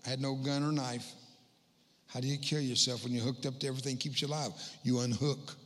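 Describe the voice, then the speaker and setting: A middle-aged man giving a humorous spoken testimony as a guest speaker in a church, landing quick self-mocking punchlines. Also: medium pitch, little pitch movement. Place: church hall. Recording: long hall reverb.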